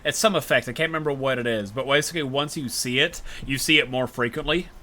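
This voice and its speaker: A man's voice: medium pitch, fast talker, bright, forceful tone. A man co-hosting a casual gaming podcast, rambling through a game's story and acting out characters' lines as jokes. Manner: rambling game recaps with joking acted-out quotes. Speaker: podcast co-host.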